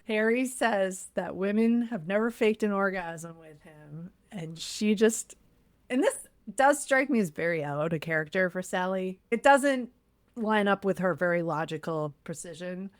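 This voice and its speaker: A woman co-hosting a podcast, telling stories in a lively, enthusiastic way in casual chat. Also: medium pitch, a little slow. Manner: animated, enthusiastic storyteller. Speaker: podcast co-host. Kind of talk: casual chat about a film.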